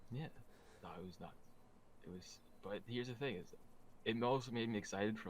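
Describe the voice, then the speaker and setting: A man's voice: on the low side, a little fast, a little hiss or hum, poor audio. A man chatting casually on a podcast, rambling with lots of fillers and restarts. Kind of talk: casual chat.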